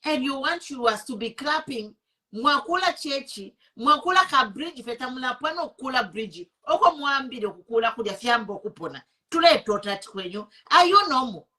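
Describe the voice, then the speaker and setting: A woman's voice: sits high, expressive, normal speed, sharp tone. A woman with a Zambian accent, hosting an online show and giving impassioned political commentary, indignant and switching between English and Bemba.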